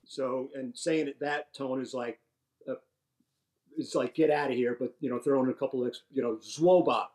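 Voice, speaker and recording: A retired general in his sixties, appearing as a guest, tells casual, animated stories with mild swearing and plenty of restarts. His voice is mid-range and his speed is normal.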